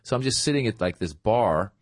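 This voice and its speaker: A middle-aged man, a comedian, telling a casual anecdote as a guest and acting out his own past thoughts in lively quotes. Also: lowish voice, a little fast, no room sound, studio quality.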